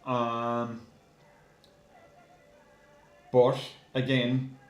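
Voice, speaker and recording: A man chatting casually to his viewers in a video review, calling them guys and filling pauses with lots of ums. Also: mid-range voice, completely flat delivery, soft background music. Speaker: beer reviewer. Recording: roomy echo.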